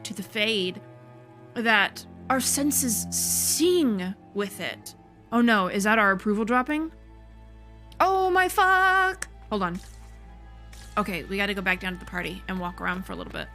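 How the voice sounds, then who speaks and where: A woman hosting a gaming video, giving casual let's play commentary with quick, excitable exclamations. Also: medium pitch.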